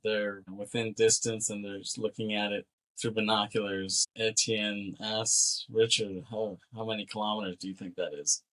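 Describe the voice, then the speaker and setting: Low-voiced man recapping a movie. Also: normal speed. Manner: animated retelling, acting out lines with swearing and laughs. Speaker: podcast co-host. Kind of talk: casual movie recap chat.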